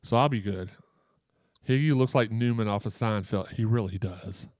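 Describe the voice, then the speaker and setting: A man's voice: lowish voice, normal speed, a little mellow, dry recording, clean studio sound. A man hosting a live podcast, joking and rambling as he reads chat comments aloud, his throat sore after surgery. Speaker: podcast host.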